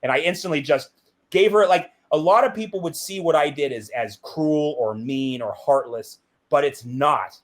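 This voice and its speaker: A middle-aged man, a guest in an interview, telling a candid personal story and acting out the dialogue in it. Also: moderate pace. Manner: animated, acts out quoted dialogue with big pitch jumps.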